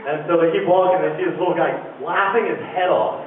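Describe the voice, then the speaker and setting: A man's voice: a little high, fast. A man telling a goofy, rambling joke on stage at a live show, with many fillers. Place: live show venue, indoors. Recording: tinny, echoey live venue from far off, with background noise.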